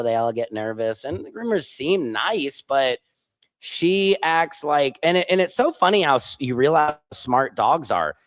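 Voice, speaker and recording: A man's voice: a little high, no room sound. Male livestream host, casual rambling chat, dry close sound. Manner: rambling, chatty, reads viewer comments aloud.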